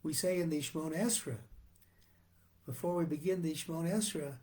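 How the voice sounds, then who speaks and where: Earnest rabbi with a mellow voice. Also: male voice, on the high side. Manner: measured, earnest teaching with frequent restarts. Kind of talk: sermon on the weekly Torah portion.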